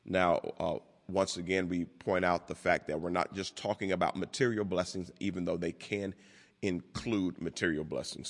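A man preaching a sermon as pastor, deliberate and repeating key words for emphasis. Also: low-pitched. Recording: long hall reverb.

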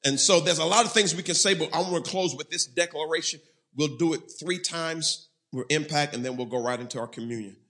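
A male pastor preaching a sermon, breaking into loud shouted bursts, throwing in folksy humor and leading the congregation in call-and-response. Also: on the high side, a little fast.

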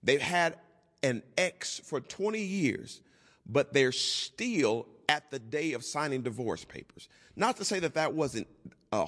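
A male pastor leads a Bible study sermon with a very lively voice that climbs for emphasis and sinks to near quiet. His words ring out with a long reverb, as if in a large hall. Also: fairly high pitch, breathy edge. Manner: animated preaching, swings from loud to hushed.

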